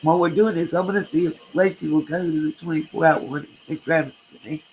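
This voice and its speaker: A woman's voice: deep voice, steady tone, quick pace, darkish tone, a little hiss or hum, low-quality recording. Chatty woman livestreaming. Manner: chatty, emotional, thanks viewers by name. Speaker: true crime livestream host. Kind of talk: casual livestream talk, reading chat.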